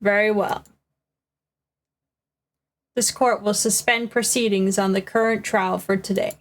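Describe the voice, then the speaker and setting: A woman's voice: mid-range voice, fairly even intonation, unhurried, close to an everyday voice. Woman voicing a stern, formal old judge. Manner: formal, pronouncing. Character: stern male courtroom judge, easily flustered.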